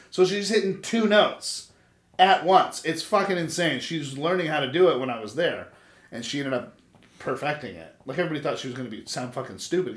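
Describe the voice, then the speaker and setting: A man in his thirties telling stories in casual chat, animated and profane. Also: on the high side. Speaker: podcast host. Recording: echoey room.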